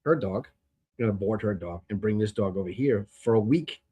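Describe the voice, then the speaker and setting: A man's voice: on the low side, brisk, mellow, breathy edge. A man quoting his girlfriend in a near-normal voice as she explains a plan matter-of-factly. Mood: explaining. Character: mildly irritated adult woman, the speaker's girlfriend.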